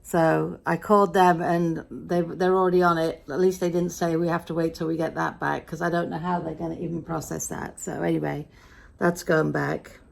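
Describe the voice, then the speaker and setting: A woman's voice: low-pitched, level tone, normal speed, vocal fry. A middle-aged British woman with an English accent, chatting casually in a day-in-the-life vlog, grumbling wryly about her day, tired and a bit frustrated. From Britain. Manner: chatty, grumbling storyteller with wry asides. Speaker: vlogger.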